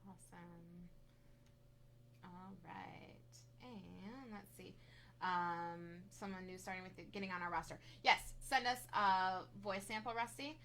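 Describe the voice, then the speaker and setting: Woman, casual live q&a host, upbeat, reads viewer questions, slightly low pitch, bright tone. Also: measured pace, slight background noise. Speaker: casting director co-host.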